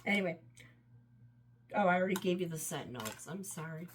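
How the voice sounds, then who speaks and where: A woman's voice: on the low side, expressive, brisk, noisy background. A woman casually reviewing wax scents, rambling and enthusiastic, trailing off often, her voice tired and run down. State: voice tiring, run down. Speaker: home fragrance vlogger.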